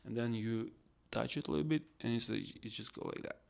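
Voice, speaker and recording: A man's voice: medium pitch, fairly quick, creaky. A man hosting a casual solo podcast, rambling in non-native English phrasing. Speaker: podcast host.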